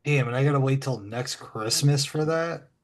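A man's voice: medium pitch, moderate pace. A man chatting casually while watching a movie, blunt, swearing and laughing.

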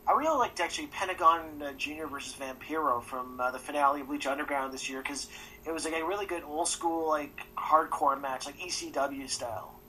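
A man's voice: a little high, fairly quick, bright, forceful tone, distant mic, slight background noise, low-quality recording. A man co-hosting a casual wrestling podcast, joking dryly and leaning on filler words. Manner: dry joking, many "like" fillers. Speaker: podcast co-host. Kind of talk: casual chat.

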